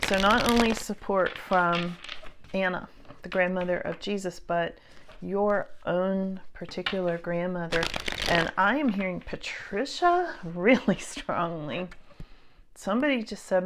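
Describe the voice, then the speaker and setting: A woman with a somewhat low-pitched voice gives a casual tarot reading to camera. She talks in an earnest, halting way with plenty of "um" and "you know." She often sinks into soft, hushed whispers. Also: slight background noise. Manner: emotional, speaks of feeling things strongly. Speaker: psychic tarot reader.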